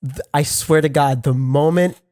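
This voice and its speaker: A man's voice: on the high side, fairly even intonation, a little mellow, dry recording, clean studio sound. A man telling a story on a casual podcast, stumbling over restarts and swearing often. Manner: halting, with many restarts and heavy swearing. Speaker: podcast co-host.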